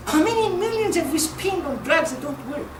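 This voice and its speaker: A woman from Africa, giving a passionate public talk, emphatic and quick to laugh. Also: very high-pitched, noisy background. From South Africa. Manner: animated, emphatic, laughs often. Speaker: speaker at a talk. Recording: echoey room, distant mic, faint ambience.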